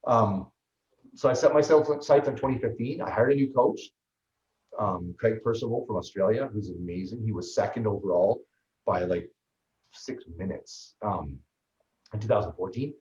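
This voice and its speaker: A man, a guest on an interview show, telling his story in a lively, fast way with many restarts. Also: on the low side. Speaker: guest, ultraman athlete and trainer. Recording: roomy, slightly dull sound.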